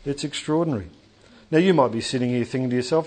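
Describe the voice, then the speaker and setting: Animated preacher man. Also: fairly high pitch, fast. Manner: animated, conversational preaching with jokes to the congregation. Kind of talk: sermon. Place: church hall with congregation.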